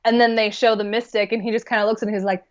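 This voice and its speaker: A woman guest on a podcast, chatting casually about a film in a relaxed way, thinking aloud as she goes. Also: fairly high pitch, fast talker, muffled recording.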